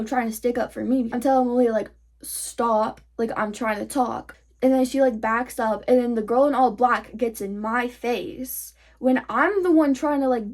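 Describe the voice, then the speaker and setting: A teenage girl tells a storytime about a fight, swearing freely and leaning on "like" between nearly every phrase. Her voice sits a little high for a woman, and she sounds heated throughout. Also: darkish tone. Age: teens. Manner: heated, profane retelling full of "like". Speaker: vlogger. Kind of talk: storytime vlog.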